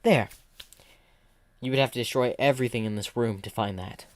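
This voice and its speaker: A man voicing a matter-of-fact drill-wielding woman in a low-key voice. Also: normal speed, close to an everyday voice.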